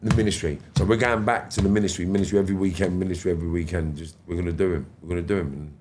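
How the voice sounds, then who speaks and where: A man's voice: low voice, steady tone, racing, noisy background. A middle-aged man with a London accent, a podcast guest retelling events in blunt street slang with plenty of swearing. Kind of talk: casual storytelling.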